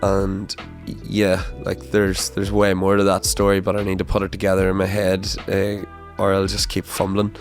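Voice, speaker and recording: A man's voice: sits low, monotone, moderate pace, few pauses, faint music behind. Rambling, swearing man. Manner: rambling, swears often, many fillers and restarts. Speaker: podcast host. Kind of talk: casual storytelling monologue.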